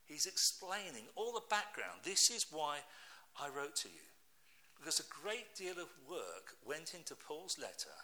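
Middle-aged British preacher, man, sharp bright voice, lively anecdotal sermon delivery. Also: medium pitch. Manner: lively storytelling, asks the congregation rhetorical questions.

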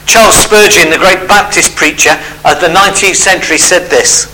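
Male preacher, high bright voice, chatty explanatory sermon delivery. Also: moderate pace, rough recording. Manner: conversational, explaining step by step.

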